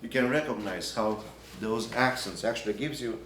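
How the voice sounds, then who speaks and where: A man teaching a Byzantine chant class, explaining in halting phrases and breaking into short sung examples. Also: medium pitch, fairly bright tone, slight background noise. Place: church hall or classroom. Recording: echoey room, recorded from a distance.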